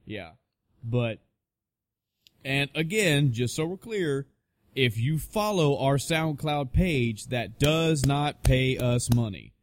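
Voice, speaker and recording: A young man co-hosting a casual podcast, telling swearing, animated stories and mimicking people. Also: takes it slowly, slight background noise. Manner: profane, animated storyteller, mimics others in high voices. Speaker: podcast co-host.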